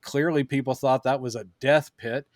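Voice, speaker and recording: A man's voice: mid-range voice, fairly even intonation, moderate pace, dry recording, clean studio sound. A man, a podcast co-host, chatting casually as he recaps a film and acts out the characters' lines in funny voices.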